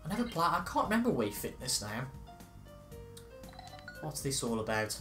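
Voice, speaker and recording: A man's voice: medium pitch, very animated, moderate pace, sharp tone, faint music behind. A young man casually commentating on a video game, chatty and self-mocking, reacting aloud as he plays. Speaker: gaming video host. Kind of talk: casual let's-play commentary.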